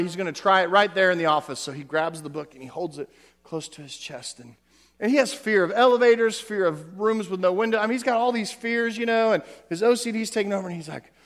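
Male pastor, higher-pitched voice, chatty sermon delivery with stumbles and asides, big echoing sanctuary sound. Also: a little fast, a bit bright. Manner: conversational preaching, frequent repeated words and asides. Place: church sanctuary. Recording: long hall reverb.

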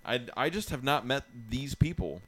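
A man's voice: medium pitch, lively intonation, moderate pace, a bit bright. A young man hosting a podcast in casual chat, joking crudely and laughing easily, speaking into a handheld mic. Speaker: podcast host.

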